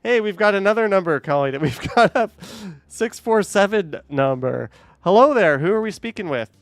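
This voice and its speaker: A man's voice: sits high, animated, normal speed, no room sound. A man hosting a live stream, chatting with callers, laughing often and reading chat messages aloud.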